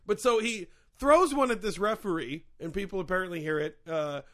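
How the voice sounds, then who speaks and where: A man's voice: high-pitched, brisk, a bit bright. A man co-hosting a comedic podcast in casual chat, rambling and hedging with lots of fillers. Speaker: podcast co-host.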